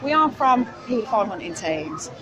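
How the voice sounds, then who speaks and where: A woman with a Birmingham accent argues her cause with passion, her voice sitting high. She talks into a phone held out on a city street, with a crowd murmuring all around. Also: big pitch swings, normal speed, lo-fi sound. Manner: passionate, argumentative. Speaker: street campaigner. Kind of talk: livestreamed street outreach. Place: busy city street outdoors.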